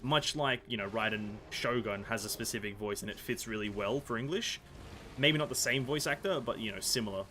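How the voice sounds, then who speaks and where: A man's voice: fairly low pitch, fairly quick, sharp tone. A man with an Australian accent giving casual, rambling gameplay commentary full of fillers and self-corrections. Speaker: gaming video host.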